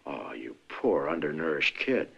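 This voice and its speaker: A man's voice: mid-range voice, natural voice. A man playing a wisecracking middle-aged realtor. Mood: wry. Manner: wisecracking, quick deadpan quips, salesman patter. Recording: dull 1960s film soundtrack, faint hiss.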